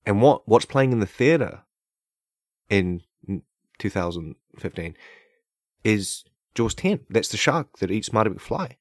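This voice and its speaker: A man with a fairly low, expressive voice hosts a podcast, unhurried and with long pauses. His loose comedic monologue is full of "like" and "right?" as he praises absurd ideas tongue-in-cheek and mock-earnestly. The podcast mic gives a studio-quality sound with no echo.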